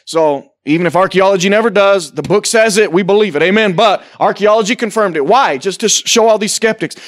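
A man's voice: high-pitched, fairly quick, no room sound, studio quality. A man preaching a sermon to a congregation in a conversational way, with sarcastic asides and acted-out quotes. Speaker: pastor.

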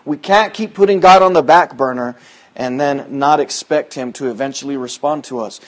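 In a mid-range voice at a moderate pace, a pastor delivers a homey, conversational sermon. Scripture quotes mix with shifts from booming emphasis to soft asides.

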